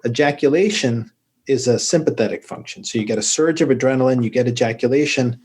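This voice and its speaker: A man in a podcast interview, explaining patiently and at length. His voice sits in a middle register. He keeps the explanation lively with humorous tales. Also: medium pitch, fast talker, husky. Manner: explanatory, tells joking stories. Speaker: urologist guest.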